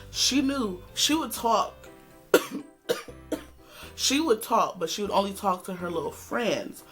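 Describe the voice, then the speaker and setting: Sassy, animated woman telling a story. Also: on the low side. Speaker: vlogger. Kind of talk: casual storytime vlog.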